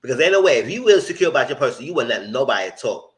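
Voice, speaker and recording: Talking rapid-fire at medium pitch, a man runs a live-stream recap of a reality TV show, casually narrating and doing animated voices for the cast's quotes. The audio is poor.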